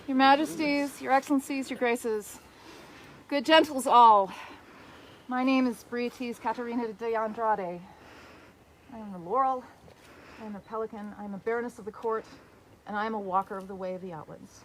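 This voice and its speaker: A middle-aged woman giving a formal, heartfelt ceremonial speech at a medieval-style court, speaking with deliberate pauses. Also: fairly high pitch, slight background noise, poor audio. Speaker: court speaker presenting a medallion.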